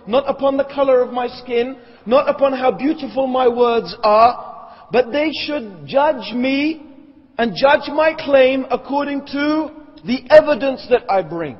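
A man's voice: very high voice, animated, a little slow. Man, religious lecture, emphatic, rhetorical questions, long hall echo, muffled lo-fi recording. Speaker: Islamic lecturer. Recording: echoey hall, dull lo-fi sound.

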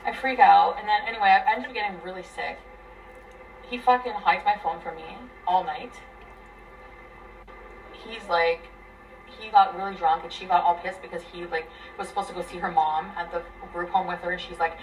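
A woman venting a tangled relationship story, profane and rambling, her voice swinging between loud bursts and near mutters. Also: lowish voice, fairly even intonation, moderate pace, recorded from a distance, slight background noise, low-quality recording. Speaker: guest telling her story. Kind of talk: emotional venting.

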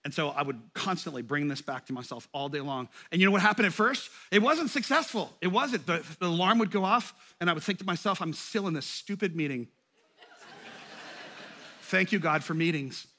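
Bright, animated male pastor preaching. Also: a little fast, few pauses. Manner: animated, swells loud and high for emphasis. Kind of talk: sermon.

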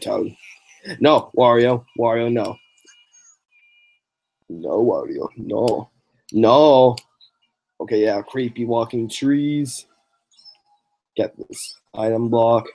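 A man's voice: mid-range voice, vocal fry, a little mellow. A man giving casual running commentary while playing a racing game on a livestream, reacting with exclamations and short laughs. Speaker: gameplay livestreamer.

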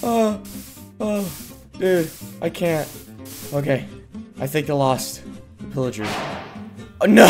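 A woman giving excitable gameplay commentary as host of a gaming video, often yelping and shouting at in-game sounds. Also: very deep voice, normal speed, long pauses, faint music behind. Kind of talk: excitable let's-play commentary.

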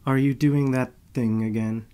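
A man's voice: mid-range voice, fairly even intonation, measured pace, dark tone, smooth, close to an everyday voice. A man voicing a cool, smirking male vampire telepath who speaks in a nonchalant, dry way.

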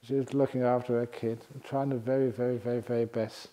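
A man's voice: mid-range voice, quick pace. A man who is a Buddhist monk, telling stories in a dharma talk at a retreat centre, laughing often between lines. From England. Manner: laughing often, lively storytelling with voiced quotes.

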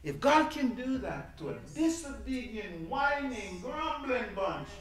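Animated preacher in an echoey church. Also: male voice, very high-pitched, a little slow. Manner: lively, folksy preaching with sudden loud peaks and hushed asides. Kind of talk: sermon.

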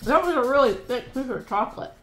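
Chatty woman vlogger with lively pitch. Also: quick pace. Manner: chatty and playful, musing aloud. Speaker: vlog host. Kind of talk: casual chat. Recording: echoey room with some background noise.

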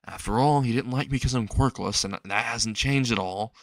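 A man voicing a panicky young male hero who keeps breaking into tears, pitched up and frantic. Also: normal speed, dry recording, clean studio sound, lightly acted. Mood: gloomy. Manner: high, shrill and frantic.

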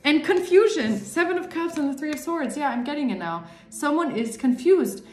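A woman's voice: high voice, lively intonation, normal speed, hardly any pauses. A woman doing a casual tarot reading, talking emphatically and acting out what other people think. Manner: chatty, emphatic, acts out imagined people's thoughts. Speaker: tarot reader. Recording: roomy echo with faint music.

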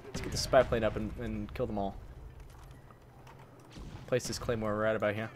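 A gaming channel host with a lowish voice speaks in a level tone at a moderate pace, with a little hiss or hum on the audio. Playing a shooter, he gives casual live commentary, grumbling at opponents, talking to enemies, and frustratedly using mild stand-ins for swear words.

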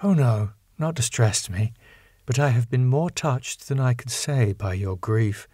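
A man reading an audiobook, voicing a gentle but resolute young woman who speaks gravely and appealingly. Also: medium pitch, expressive, measured pace, no echo, studio quality. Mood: moved.

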